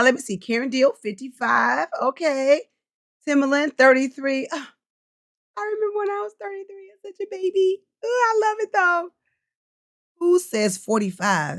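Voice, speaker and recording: A woman's voice: medium pitch, fairly bright tone. A middle-aged woman coaching and hosting a casual livestream, chatting freely, reading out viewer comments and laughing often.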